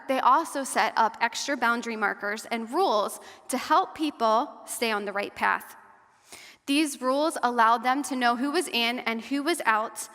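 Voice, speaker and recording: A woman giving a personal testimony talk to an audience, earnest and measured, slowing and going softer at the hard parts. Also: on the high side. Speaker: guest speaker and survivor advocate. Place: large hall or church. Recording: long hall reverb.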